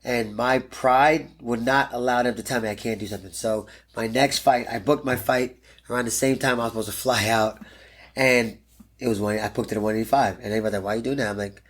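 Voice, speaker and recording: A man's voice: mid-range voice, fairly even intonation, fairly quick. A man in his thirties, a pro fighter guest in an interview, telling a story bluntly and animatedly and swearing freely.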